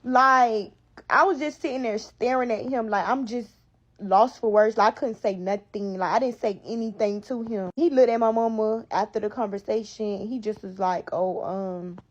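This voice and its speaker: A woman in her twenties with a South Florida accent, telling a personal story in an animated, profane and slangy way as a podcast guest. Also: a little high, moderate pace, dull audio. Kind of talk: casual storytelling.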